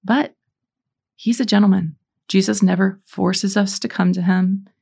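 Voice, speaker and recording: A middle-aged woman with a strongly gravelly, fry-laden voice at an ordinary pitch. She talks earnestly and encouragingly, in a loose conversational way, as she hosts a Catholic podcast. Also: fairly even intonation, measured pace, warm tone. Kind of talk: faith podcast teaching and prayer.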